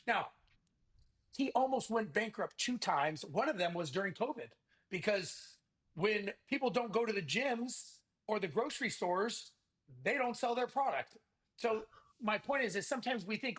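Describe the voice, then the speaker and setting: A man, a podcast guest, talking about his business event in a lively salesman's manner and acting out quoted conversations. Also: high-pitched, normal speed. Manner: energetic salesman, acts out quoted dialogue. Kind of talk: casual interview talk.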